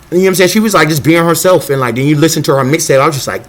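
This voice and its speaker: Excitable rambling young man, high-pitched. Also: racing, few pauses. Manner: scattered, excitable, profane, acts out quotes in a high voice. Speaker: vlogger. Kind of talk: casual rambling monologue.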